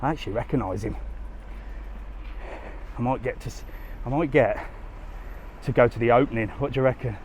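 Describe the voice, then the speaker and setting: A travel vlogger speaks briskly but with long pauses into a handheld phone while walking a busy resort street live. His mid-range voice is a little mellow, chatty and relaxed, slightly breathless, with slight background noise.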